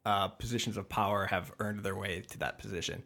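A man's voice: fairly low pitch, steady tone, a little fast, creaky, sharp tone. Thoughtful man co-hosting a podcast. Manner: thoughtful, hedging, trails off in restarts. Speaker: podcast co-host. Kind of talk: casual podcast conversation.

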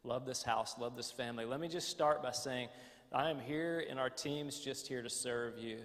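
A man's voice: medium pitch, moderate pace, fairly bright tone. A man with a Southern American accent, a guest pastor opening a sermon in a folksy, self-joking way. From United States. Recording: long church hall reverb.

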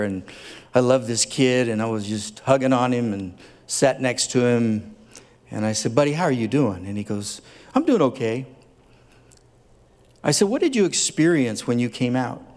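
A man's voice: mid-range voice, moderate pace, darkish tone. A man preaching a sermon as a pastor, speaking earnestly and tenderly, building at times to fervent emphasis. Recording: long hall reverb.

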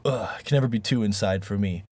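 A man's voice: on the low side, a little fast, darkish tone, slightly rough, no echo. A man hosting a gaming podcast in casual chat, joking, rambling and laughing often. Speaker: podcast host.

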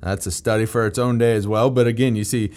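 A man's voice: on the low side, steady tone, fast talker, a little mellow. A man teaching through a Bible passage in a conversational, plain-spoken way. He is emphatic and repeats key phrases to drive them home.

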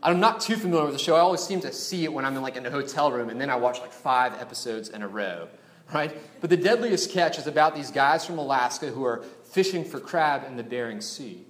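A man's voice: mid-range voice, fairly quick, reverberant. A man preaching a sermon in a chatty way, often asking the listeners rhetorical questions. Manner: conversational, animated, asks rhetorical questions. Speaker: pastor.

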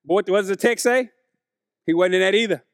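A man's voice: high voice, quick pace, clear, resonant tone, no echo, clean studio sound. A man, preaching a conversational sermon to his congregation. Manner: conversational preaching, animated, addresses congregation as y'all. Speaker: pastor.

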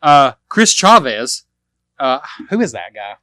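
A man's voice: medium pitch, sing-song, takes it slowly, sharp tone, dry recording. A man co-hosting a podcast, chatting casually and rambling with self-deprecating humor. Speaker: podcast co-host. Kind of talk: casual chat.

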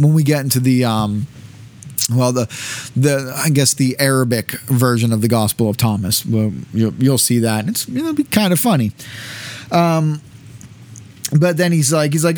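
A man's voice: mid-range voice, normal speed, a little mellow, no echo. A man giving an informal lecture, reading passages aloud with many fillers and casual asides. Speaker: teacher.

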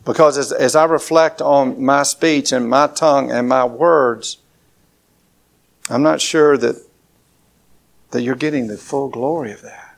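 A man's voice: mid-range voice, steady tone, a little slow, vocal fry, long pauses. A man from southern Alabama with a Southern accent, preaching a conversational sermon with folksy asides. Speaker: pastor.

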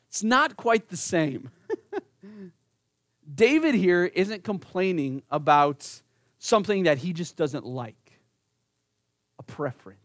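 A man's voice: sits high, animated, takes it slowly, pauses often, fairly bright tone, dry recording, studio quality. A man preaching an earnest sermon, speaking directly to his congregation and rising into pleading emphasis. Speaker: pastor.

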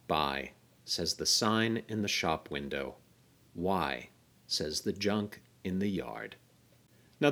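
A man hosting a podcast, reading a scripted, explanatory narration with a gently wry touch. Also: lowish voice. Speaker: podcast host.

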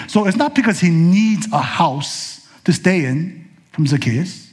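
Male pastor, high voice, conversational sermon, casual asides. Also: expressive, normal speed.

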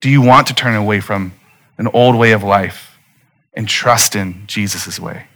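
A man's voice: lowish voice, a little slow, a bit bright. Earnest man preaching a sermon. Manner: earnest, conversational preaching with direct appeals. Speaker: pastor.

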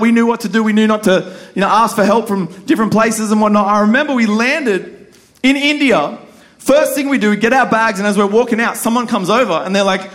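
High-voiced man preaching a lively story. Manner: animated storyteller, acts out quoted voices. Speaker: pastor. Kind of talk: sermon with personal story.

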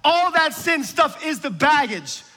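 A man preaching a sermon with passion, building to shouts on key lines. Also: very high-pitched, very animated, a little slow, in a large hall.

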